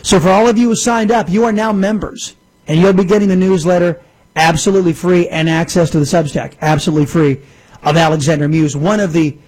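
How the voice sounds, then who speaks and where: A man's voice: high-pitched, fairly even intonation, fairly quick, a little mellow, breathy edge, rough recording. A man hosting casual political commentary, emphatic and repetitive, often calling his listeners folks. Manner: emphatic, repeats phrases, addresses folks.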